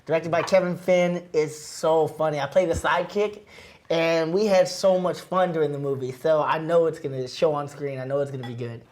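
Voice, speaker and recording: A man's voice: fairly high pitch, steady tone, normal speed, darkish tone. A man in his twenties, a guest actor chatting in an upbeat, enthusiastic, joking way. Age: 20s. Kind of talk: casual TV chat.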